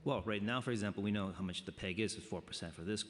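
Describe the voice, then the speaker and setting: A city agency official testifies at a budget hearing in a large council chamber, hesitating, hedging and using many fillers. His voice is fairly low and he talks fast, with slight background noise and a long chamber reverb.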